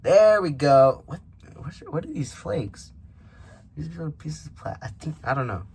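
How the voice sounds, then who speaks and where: A man's voice: fairly high pitch, lively intonation, a little slow, a little mellow, slightly rough. A man reviewing a toy figure in a casual vlog, rambling and interrupting himself with frequent asides. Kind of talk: casual unboxing vlog chat. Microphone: camera microphone.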